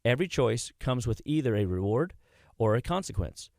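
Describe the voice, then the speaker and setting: Sitting in a radio studio as a guest, a health clinic worker chats casually and spins meandering anecdotes full of restarts. His medium-pitched voice has a sing-song, darkish quality at a moderate pace, captured with clean studio sound and no room sound.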